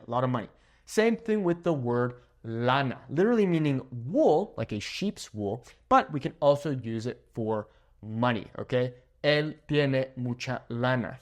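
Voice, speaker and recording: A man teaching Spanish phrases in a casual lesson, slowing down for examples and checking in with "okay?" after each one. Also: medium pitch. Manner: slow, careful when saying example phrases.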